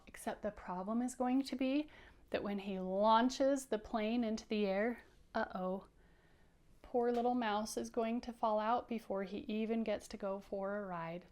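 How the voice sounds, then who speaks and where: Woman teacher reading a picture book to kids, slow and encouraging. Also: medium pitch, fairly even intonation, darkish tone. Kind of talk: children's read-aloud lesson.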